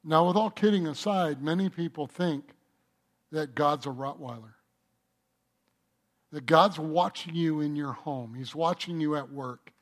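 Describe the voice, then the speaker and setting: A man's voice: on the high side, a little slow. A man preaching a sermon as pastor, talking conversationally and working a joke into his message.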